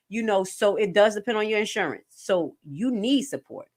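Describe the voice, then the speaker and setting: Lively woman livestream host. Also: medium pitch, quick pace. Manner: animated, emphatic, jokey asides. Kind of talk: casual commentary livestream.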